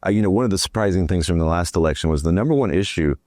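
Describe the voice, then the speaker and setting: A man hosting a political interview in a brisk, matter-of-fact way. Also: deep voice, lively intonation, darkish tone, no echo, studio quality. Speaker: host.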